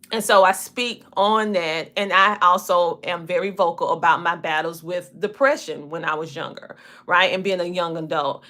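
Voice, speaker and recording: A woman in her forties with a Southern US twang, a podcast host and coach, chats casually with viewers on a livestream. Her lowish voice is bright and forceful, and she draws out her words, loops around, and laughs often.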